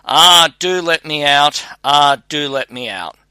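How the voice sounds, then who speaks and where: Brief: a menacing, haughty bottle spirit, voiced by a man, slow and bright-toned, loud. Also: medium pitch, dry recording. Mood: pleading. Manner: loud, threatening then pleading. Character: haughty mighty male spirit trapped in a bottle.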